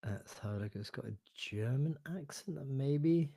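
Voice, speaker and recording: A man presenting a live online software demo, thinking aloud in a relaxed, hesitant way with fillers and self-corrections. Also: medium pitch, moderate pace, creaky, dry recording. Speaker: webinar presenter.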